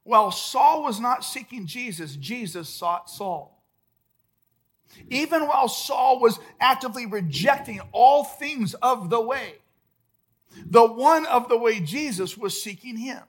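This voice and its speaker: A man preaching a sermon as pastor at a church service, emphatic, swinging between loud outbursts and hushed, soft lines. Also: very high-pitched, lively intonation, a little slow.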